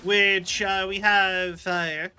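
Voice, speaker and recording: A man's voice: sits high, little pitch movement, very slow, pushed and bright, clear, resonant tone. A man streaming a video game, chatting casually and explaining things at length with lots of fillers. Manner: rambling, explains with many fillers. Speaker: livestreamer.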